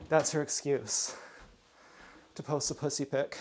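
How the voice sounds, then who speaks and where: A man's voice: on the high side, moderate pace, darkish tone. A man rambling in a casual, profane monologue from home, drifting between topics and muttering asides. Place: at home indoors.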